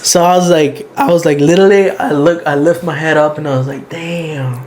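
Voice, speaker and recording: A man's voice: a little high, a little fast, darkish tone. Candid, swearing young man podcaster. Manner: candid, emotional storytelling, heavy swearing. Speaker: podcast host. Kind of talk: casual podcast chat.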